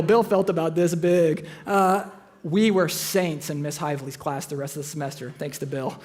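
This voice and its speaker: In a church auditorium, a pastor with a strikingly high voice preaches a sermon full of humorous stories from his own life. He keeps things conversational and teases the congregation, speaking in a steady, slightly mellow tone at a moderate pace.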